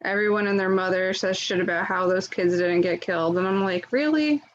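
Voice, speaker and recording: A woman's voice: fairly low pitch, flat delivery, fairly quick. Woman from connecticut on zoom, casual rambly talk, muffled lo-fi audio. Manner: chatty, lots of "like", laughing. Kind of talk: casual video call chat. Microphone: video call. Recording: dull lo-fi video call audio.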